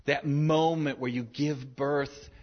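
A man in his thirties preaches a sermon as a pastor in a large church sanctuary, earnest and repeating phrases for emphasis. His voice is medium-pitched with fairly even intonation and a slow delivery. The recording has a reverberant hall sound and dull lo-fi quality.

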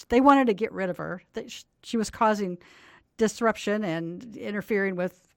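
A woman's voice: medium pitch, moderate pace, creaky, no echo. An older woman, a Bible teacher, explaining a scripture story earnestly as a guest on a talk program. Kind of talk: radio interview, storytelling.

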